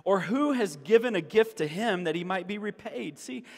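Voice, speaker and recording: Pastor, male, high-pitched, slow emphatic preaching with repeated phrases, echoey church hall. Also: animated. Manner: emphatic, rising to exclamations and repeating key phrases. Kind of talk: sermon. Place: church sanctuary.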